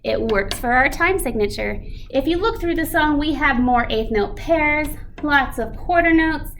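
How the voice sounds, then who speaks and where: A woman teaching an elementary music lesson, reading a picture book aloud with animated expression. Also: sits high, unhurried, slight background noise.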